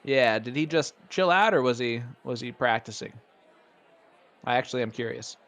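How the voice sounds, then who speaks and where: A man with a Hoosier accent doing live darts commentary, chatty and excitable, laughing often. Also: mid-range voice, normal speed. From Indiana.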